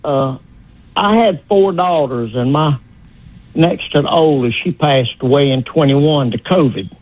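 A man's voice: on the high side, a little slow, dry recording. Older male caller on a tinny phone line. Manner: polite, says "yes, sir".

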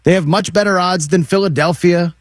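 Higher-pitched man rambling on a sports show. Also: fairly quick, dry recording, studio quality. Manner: rambling, self-deprecating, stammers and restarts. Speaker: sports talk co-host. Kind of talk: casual sports chat.

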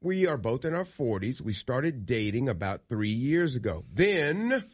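Male radio co-host, husky and lively, playful letter reader. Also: medium pitch, unhurried. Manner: playful, reads letters aloud expressively. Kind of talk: casual radio banter.

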